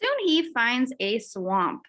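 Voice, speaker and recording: A woman teacher reading a children's picture book aloud, expressive, adding little asides to young listeners. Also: a little high, slow. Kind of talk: children's storybook read-aloud.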